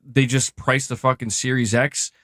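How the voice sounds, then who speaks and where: A man's voice: medium pitch, little pitch movement, normal speed, fairly bright tone, dry recording, clean studio sound. A young man co-hosting a livestream, complaining in exasperated, profane casual chat. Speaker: livestream co-host.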